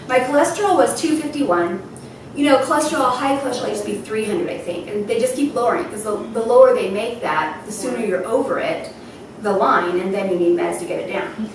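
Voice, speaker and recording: A woman's voice: a little high, brisk. A woman giving an emotional personal testimony at a health event, laughing through tears as she talks. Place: event hall. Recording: distant, echoey hall with noise.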